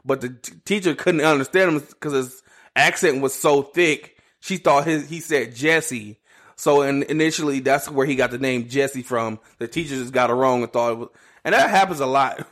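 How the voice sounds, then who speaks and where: A man's voice: mid-range voice, a bit bright. A young man hosting a casual solo podcast, rambling through a history story with many restarts and side notes. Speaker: podcast host.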